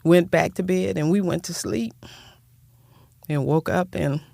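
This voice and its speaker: Older woman, gravelly voice, heartfelt and rambling, close dry mic. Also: fairly low pitch, a little slow, mellow, dry recording. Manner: rambling, heartfelt, repeats words. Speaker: guest, nonprofit founder. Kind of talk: personal storytelling in interview.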